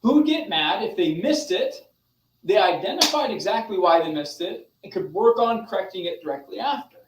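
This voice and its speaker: A young adult man coaching a group over a video call, animated and demonstrative, talking straight to his listeners. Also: high-pitched, moderate pace, reverberant, distant mic, background noise. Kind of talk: motivational online session.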